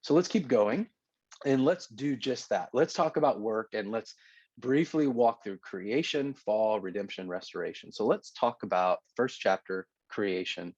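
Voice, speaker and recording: A man's voice: on the low side, unhurried, a little mellow, breathy edge, no echo, lo-fi sound. Man giving a conversational lecture. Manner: conversational, checks in with "okay?". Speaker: teacher. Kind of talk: recorded lecture.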